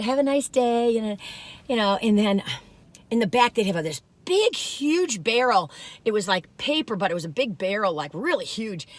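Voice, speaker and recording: An older woman hosting a casual cookie taste-test vlog, rambling in a folksy way and breaking into excited laughs and squeals. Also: medium pitch, no echo. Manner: folksy, rambling, warm-hearted chatter with "you all". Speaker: food vlogger.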